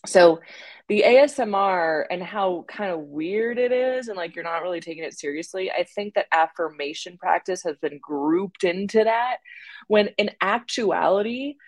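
A young woman co-hosting a podcast, chatting casually in a lively, joking way. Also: fairly low pitch, moderate pace, no room sound. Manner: lively, animated, laughing and joking. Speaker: podcast co-host. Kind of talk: casual chat.

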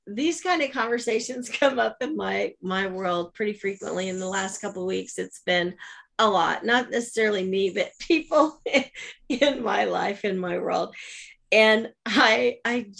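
A woman's voice: medium pitch, vocal fry, a bit bright. A woman hosting a casual podcast chat, talkative and laughing often as she speaks. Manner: chatty, laughs often, uses fillers. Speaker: podcast host.

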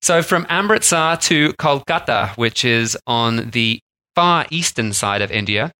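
A man's voice: mid-range voice, measured pace, smooth. A man co-hosting a food travel podcast, telling a story in a casual, chatty way. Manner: chatty, animated retelling. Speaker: podcast co-host.

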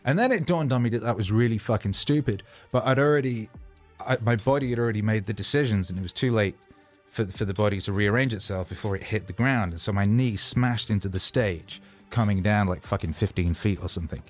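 Over soft background music, a rapper with a lowish voice talks briskly in a casual monologue. He tells rambling, self-mocking stories, loose with fillers and swearing.

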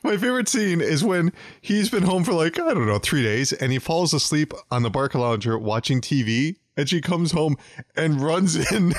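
A man's voice: on the high side, big pitch swings, moderate pace, no echo, studio quality. A man co-hosting a podcast, chatting casually and mockingly about a movie, laughing often. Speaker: podcast co-host. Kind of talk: casual comedic movie review chat.

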